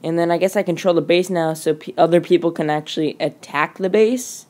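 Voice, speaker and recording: A woman giving casual, rambling commentary over mobile game footage. She talks quickly and fills her speech with "like" and "um". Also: fairly low pitch, steady tone, a little mellow. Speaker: gaming channel host. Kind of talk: gameplay commentary.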